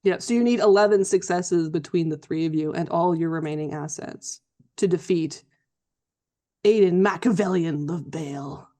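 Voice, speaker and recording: A woman's voice: on the low side, normal speed, warm tone. A woman narrating as game master of a tabletop role-playing game, chatty and loose, with fillers and restarts.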